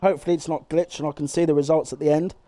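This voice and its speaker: A man giving live play-by-play commentary on a sim race, excitable and swearing freely as he calls the action. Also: a little high, racing, no echo, studio quality.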